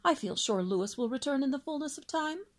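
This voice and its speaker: A woman's voice: sits high, lively intonation, fairly quick, voice pushed up. A woman voicing a pompous, long-winded male father swan in a storybook reading. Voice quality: wordy, self-important phrasing.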